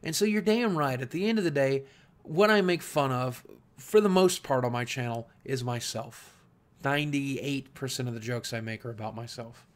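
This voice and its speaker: Man, slight Southern US accent, from Southwest Virginia, talking-head vlog, earnest, reflective, stumbles and repeats words, medium pitch. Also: normal speed. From Southwest Virginia, USA. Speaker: YouTube creator. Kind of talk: candid talking-head monologue.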